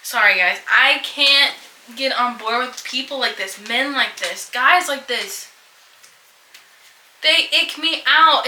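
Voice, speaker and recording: A young woman rants about romance books and reads bits aloud with mocking, animated delivery, laughing often. Her voice is very bright and a little high. The room is echoey, with a faint hiss behind her. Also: slow pace. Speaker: book vlogger. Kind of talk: casual chat, reading excerpts aloud.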